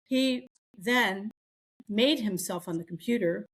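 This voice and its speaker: This middle-aged podcast co-host speaks slowly in a medium-pitched voice. She spins stories in relaxed conversation, performing the voices of those she quotes.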